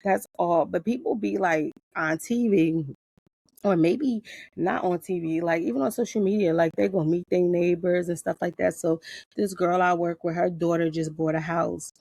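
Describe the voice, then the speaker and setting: Middle-aged woman host, deep and gravelly, close dry sound, unscripted blunt storyteller. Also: moderate pace, no echo. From Paterson, New Jersey. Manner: blunt, profane, animated storytelling. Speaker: podcast host. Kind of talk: casual unscripted chat. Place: outdoors in her backyard garden.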